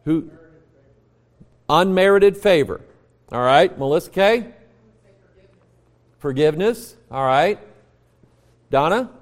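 American pastor teaching, echoing hall. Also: male voice, on the high side, expressive, slow pace, pauses often. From United States. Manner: folksy, storytelling, frequent restarts. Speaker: pastor teaching a Bible class. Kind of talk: conversational Bible teaching, quizzing the class. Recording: long reverb of a large room.

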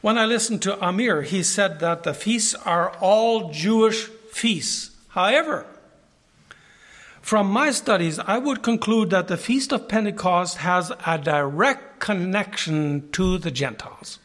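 A man's voice: sits high, unhurried, a bit bright. A man giving a Bible teaching sermon who reads scripture passages aloud and then comments on them. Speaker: preacher.

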